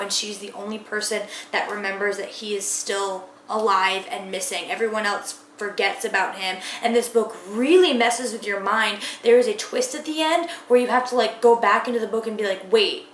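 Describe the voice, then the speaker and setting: A woman's voice: medium pitch, fairly even intonation, normal speed, reverberant, a little hiss or hum. A woman from the southern United States, chatting enthusiastically as a book vlogger in a casual tag video. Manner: gushing, enthusiastic, chatty with fillers.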